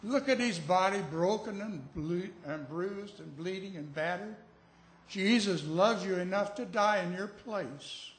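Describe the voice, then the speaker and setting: A man's voice: high-pitched, a little slow. Echoey preacher man, urgent appeals. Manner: emphatic, rising to urgent appeals. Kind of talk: sermon. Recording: echoey room.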